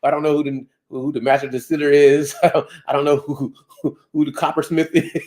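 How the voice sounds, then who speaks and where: A man's voice: fairly high pitch, level tone, a little fast, darkish tone. Rambling, laughing male stream host. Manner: loose, rambling, laughs a lot; self-deprecating. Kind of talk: casual live-stream chat.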